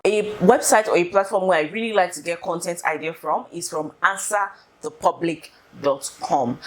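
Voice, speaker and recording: Woman giving chatty tips. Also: lowish voice. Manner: animated and instructive, repeats points for emphasis. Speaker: content creator giving social media tips. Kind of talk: casual advice vlog.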